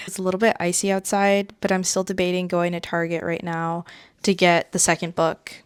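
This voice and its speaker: A woman chatting casually in a book vlog, gushing and excitable, sometimes dropping to a whisper. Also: lowish voice, moderate pace, clean tone. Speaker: book vlogger.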